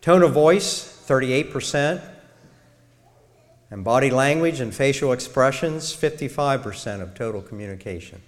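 A middle-aged man giving a sermon-style talk to a church congregation in a measured way, illustrating his points. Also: medium pitch, lively intonation. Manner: measured, demonstrates tones of voice. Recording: long reverb of a large hall.

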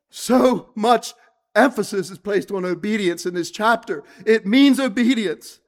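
High-voiced man preaching earnestly. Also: a bit bright. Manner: emphatic, drops to a low near-murmur at ends of phrases; reads scripture in old-fashioned phrasing, then repeats points earnestly. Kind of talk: sermon.

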